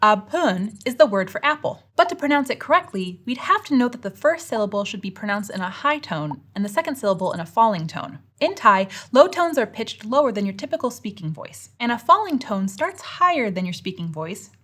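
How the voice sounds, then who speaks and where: A woman's voice: a little high, very animated, brisk, fairly bright tone. A young woman narrating a scripted educational lesson in an upbeat way, with playful asides. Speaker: educational host.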